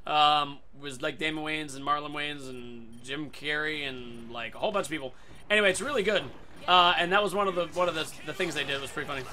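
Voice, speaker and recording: A man hosting his own gaming channel, giving live commentary over a match and breaking into loud excited outbursts. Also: on the high side, fast. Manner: excitable, loud outbursts and yelling at other players. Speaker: gaming video host. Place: home room.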